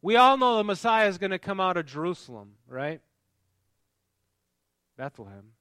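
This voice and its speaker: A man's voice: high-pitched, sing-song, normal speed, pushed and bright, clean tone, no room sound, clean studio sound, voice pushed up, exaggerated voice. A man acting out a skeptical, dismissive man within a sermon. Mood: scoffing.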